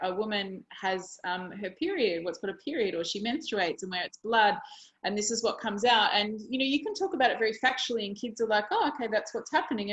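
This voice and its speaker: A woman in her forties, a parenting educator, answering interview questions in a conversational storytelling way, often restarting her sentences. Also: mid-range voice. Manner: warm storytelling with repeated restarts. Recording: echoey room.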